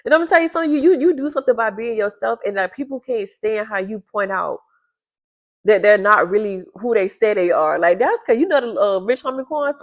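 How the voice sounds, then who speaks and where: A woman talks casually to viewers, repeating herself for emphasis and jumping high in pitch when she gets worked up. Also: lively intonation, brisk. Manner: keeps her voice down at first with a sleeping baby nearby. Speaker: vlogger giving a reading to viewers. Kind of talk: casual direct-to-camera talk. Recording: slightly dull lo-fi sound.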